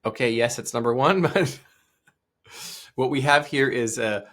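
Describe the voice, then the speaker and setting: A man's voice: medium pitch, a little slow, a bit bright. A male podcast host giving discursive solo commentary, full of asides and restarts.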